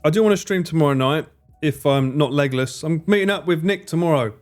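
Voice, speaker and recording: A man streaming games in casual commentary, excitable, swearing freely and laughing often. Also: on the high side, brisk, soft background music.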